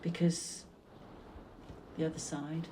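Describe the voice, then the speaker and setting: A middle-aged British woman, the artist's mother, reminiscing fondly in a relaxed conversation, halting and restarting as she reflects. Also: sits low, noisy background. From Britain.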